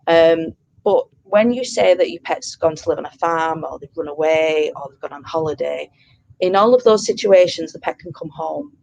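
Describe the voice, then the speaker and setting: A woman in her thirties, a pet bereavement counsellor, talking earnestly and warmly in an interview, with many fillers and restarts. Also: low voice, moderate pace, vocal fry, highs cut off. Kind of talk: interview conversation.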